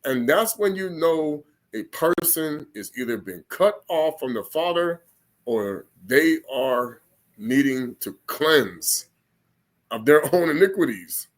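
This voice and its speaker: A man preaches in a loose, conversational way, his voice sitting a little high for a man. He rambles, restarts his sentences and repeats words as he goes. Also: expressive, takes it slowly. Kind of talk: informal spoken sermon.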